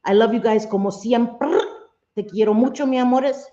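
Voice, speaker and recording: A woman's voice: a little high, moderate pace, mellow, dull audio. Chatty woman hosting a live stream. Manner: laughs often, swears casually, mixes in Spanish phrases. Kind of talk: casual live-stream chat.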